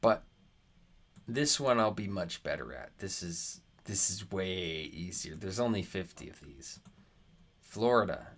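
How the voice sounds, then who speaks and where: A young American man with a lowish voice chats casually on a live stream while playing a geography quiz. He reads viewer comments aloud, talks back to them, and swears when something annoys him. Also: expressive, a little slow. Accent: American, Nevada. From United States.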